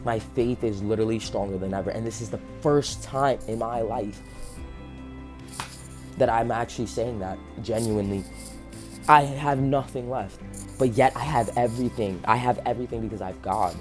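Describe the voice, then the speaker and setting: A faith vlogger with a medium-pitched voice speaks at a normal speed over soft background music. He gives his viewers an earnest, passionate faith talk, an emotional motivational monologue, sounding close to tears and using "like" as filler over and over.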